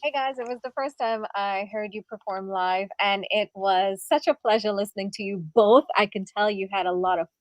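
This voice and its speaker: A woman's voice: medium pitch, normal speed, few pauses, no room sound. A woman co-hosting a talk show, paying friendly compliments to the guests. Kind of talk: casual on-air chat.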